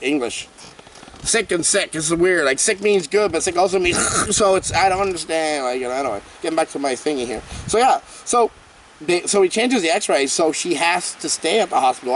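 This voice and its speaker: Man, animated and jokey, somewhat high voice, distant mic outdoors, faint wind. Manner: playful, jokey, lively storytelling full of asides. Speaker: horror movie reviewer. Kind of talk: rambling casual movie recap. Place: outdoors on a windy day.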